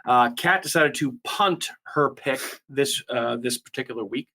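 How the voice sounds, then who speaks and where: A man's voice: medium pitch, measured pace, sharp tone. A man hosting a casual movie podcast, rambling with many fillers. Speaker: podcast host.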